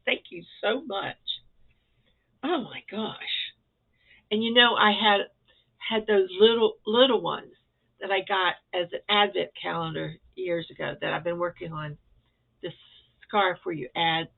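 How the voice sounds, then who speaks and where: Gravelly older woman chatting away. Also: fairly low pitch, measured pace. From Florida. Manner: rambling, effusively grateful, self-deprecating. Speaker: crafting vlogger. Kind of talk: casual chatty update. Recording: tinny phone-like sound.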